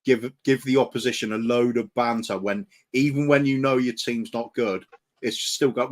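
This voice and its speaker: A man's voice: medium pitch, fairly even intonation, moderate pace. A man co-hosting a live fan stream, talking in a reflective, rambling way. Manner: reflective, rambling, many restarts and fillers. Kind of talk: casual chat on a live stream.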